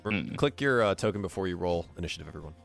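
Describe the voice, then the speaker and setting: A man chatting casually as a player at a tabletop game, quick and offhand. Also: low-pitched, expressive, vocal fry, a bit bright, faint music behind.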